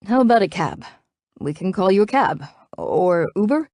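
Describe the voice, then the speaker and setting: A woman's voice: mid-range voice, animated, normal speed, darkish tone, dry recording, close to an everyday voice. A woman voicing a worried, helpful young man who coaxes and reassures in a romance audiobook. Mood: coaxing, urgent.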